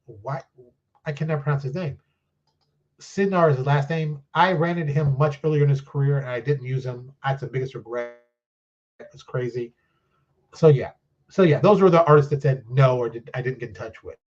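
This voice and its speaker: Speaking fairly quickly in a mid-range voice, the game designer and publisher tells stories as a guest on a live-streamed interview, captured in lo-fi sound. His style is animated and self-deprecating, and he acts out the exchanges he describes.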